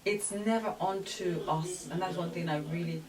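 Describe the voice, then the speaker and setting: A woman from Nigeria, a guest in an interview, telling stories with animated delivery and acting out what other people said. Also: lowish voice, normal speed. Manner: animated storytelling, acts out other people's voices. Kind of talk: candid interview conversation. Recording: distant mic with crowd noise.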